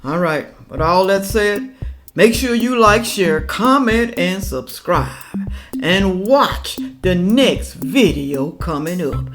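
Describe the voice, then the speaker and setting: A woman ranting to her viewers in a vlog, scolding and preachy, swinging from loud outbursts to hushed asides. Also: on the low side, animated, takes it slowly, over music. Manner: preachy, scolding, addresses viewers as y'all and people. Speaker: political commentary vlogger. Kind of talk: casual reaction vlog rant.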